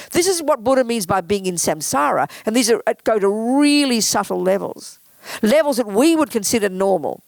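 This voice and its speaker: A woman's voice: fairly high pitch, no room sound. A woman giving a frank, emphatic Buddhist teaching in a casual, conversational way. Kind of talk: casual dharma talk.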